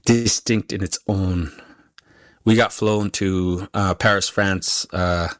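A male musician, a guest whose first language is Inuktitut, answering interview questions haltingly with many pauses and fillers. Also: deep voice, fairly even intonation, no echo, clean studio sound.

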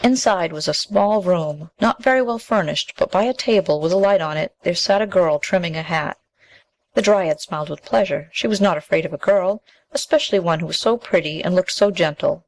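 A woman narrating a fairy tale in a measured, expressive storybook reading. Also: on the low side, poor audio.

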